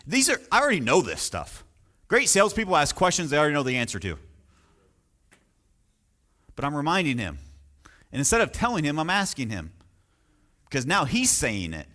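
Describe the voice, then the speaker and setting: A man giving a sales training talk as a real estate coach, energetic and emphatic, often asking the audience questions. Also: a little high.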